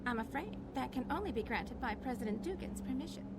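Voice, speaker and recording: An actress voicing a polite, formal female receptionist in a video game, heard under loud background noise. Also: sits high, expressive, fast. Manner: formal, scripted courtesy.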